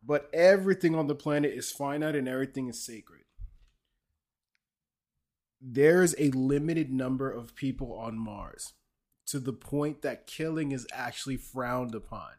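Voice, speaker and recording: A man's voice: mid-range voice, measured pace, a little mellow. A man hosting a podcast, casually explaining a video game's story and joking with his co-host. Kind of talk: casual chat.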